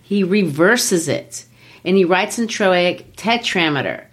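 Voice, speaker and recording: A woman's voice: fairly low pitch, expressive, measured pace, fairly bright tone. A woman co-hosting a podcast, casually and enthusiastically explaining a play, tapping out rhythms aloud as she talks. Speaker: podcast co-host. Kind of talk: casual explanatory chat about literature.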